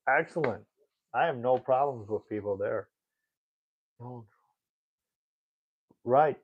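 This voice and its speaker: A man's voice: medium pitch, takes it slowly, pauses often, slight background noise. Indignant male streamer, tinny phone-like sound. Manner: indignant, rambling, talks straight to chat. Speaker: livestreamer reading chat. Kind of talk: casual live chat.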